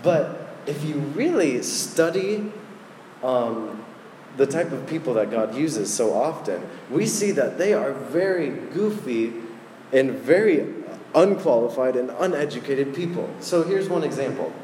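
A man's voice: mid-range voice, measured pace, slight background noise. A man preaching a casual, conversational sermon, talking straight to his listeners. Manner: conversational, animated, addresses the audience directly. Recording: roomy hall with long reverb, faint ambience.

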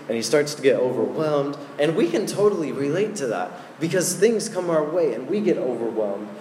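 A man's voice: medium pitch, darkish tone, slight background noise. A man preaching a casual, conversational sermon, talking like a friend with frequent fillers. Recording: echoey hall with faint ambience.

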